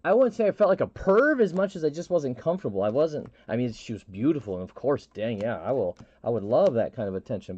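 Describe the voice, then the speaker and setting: A middle-aged man hosting a live stream, telling a story in a halting, rambling way with many restarts and fillers. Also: mid-range voice, a little mellow, muffled recording. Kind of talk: casual storytelling chat.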